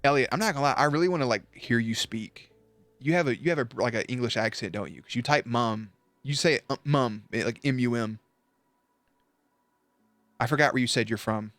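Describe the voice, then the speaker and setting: A man streaming at night, chatting casually with his viewers, swearing, joking and now and then breaking into loud high yelps. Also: a little fast, dry recording, faint music behind. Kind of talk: casual chat reading out viewer messages.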